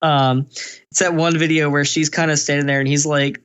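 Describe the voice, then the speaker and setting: A man's voice: a little high, level tone, normal speed, fairly bright tone, smooth. A young man ranting casually on a podcast, rambling and profane, stopping often with fillers. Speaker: podcast co-host. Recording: dull lo-fi podcast recording.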